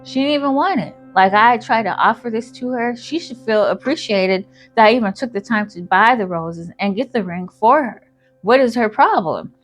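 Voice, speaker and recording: A woman's voice: a little high, animated, moderate pace, soft background music, close to an everyday voice. Brief: a woman playing a conceited young man, whiny and pleading, plain everyday voice. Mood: indignant. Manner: pleading, self-pitying.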